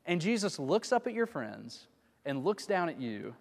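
A man's voice: fairly high pitch, very animated, normal speed, gravelly. A man preaching a sermon in a conversational way, often asking his listeners rhetorical questions. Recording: long reverb of a large hall.

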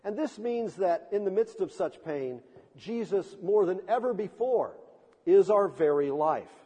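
A man's voice: high voice, lively intonation, measured pace, mellow, breathy edge. A male pastor preaching a sermon with impassioned, emphatic delivery and dramatic swells, heard in a church sanctuary with a long reverb.

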